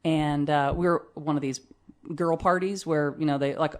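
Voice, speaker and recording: A woman co-hosting a raunchy podcast, swearing freely and telling animated stories with acted-out quotes. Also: low voice, normal speed. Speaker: podcast co-host. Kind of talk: raunchy casual chat. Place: studio.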